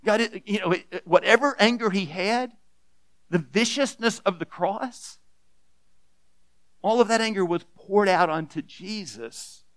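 A man preaching a sermon as pastor, earnest and emphatic, often restarting with repeated words and dropping to a hush on key points. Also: high-pitched, unhurried, dry recording. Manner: earnest, repeats words when restarting, swings between loud emphasis and hushed softness.

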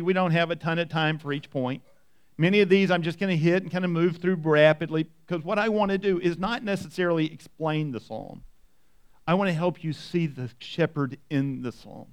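A man preaching a sermon as pastor, conversational, restarting and repeating words, brisk but slowing down for emphasis. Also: on the high side, clear, resonant tone.

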